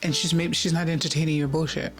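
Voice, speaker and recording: A woman's voice: low voice, flat delivery, fast, faint music behind. A woman hosting a reaction video, commenting with indignation and rhetorical questions.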